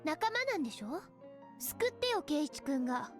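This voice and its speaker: A woman voicing a sweet, cheerful teenage girl who is gently insistent, in Japanese game voice acting. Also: sits high, sing-song, fast. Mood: pointed. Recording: game audio over background music. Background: background music.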